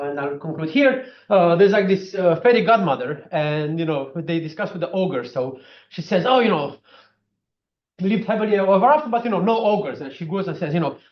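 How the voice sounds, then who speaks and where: A man gives a seminar talk with a high, very lively voice. His speech is animated and full of fillers. The sound is dull and lo-fi, in a roomy, echoing space. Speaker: physics speaker. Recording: echoey room, dull lo-fi sound.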